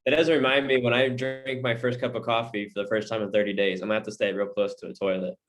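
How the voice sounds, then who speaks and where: A man's voice: lowish voice, flat delivery, fast, faint music behind. A young man co-hosting a casual podcast chat, rambling and restarting his sentences. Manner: rambling, restarts often, talks about his diet. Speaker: podcast co-host.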